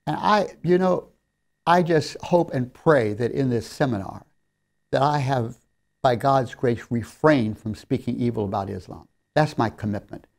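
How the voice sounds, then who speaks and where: Gravelly-voiced man giving a lecture. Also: medium pitch, unhurried. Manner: earnest storyteller, warmly emphatic on key lines. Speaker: seminary lecturer. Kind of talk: recorded seminary lecture.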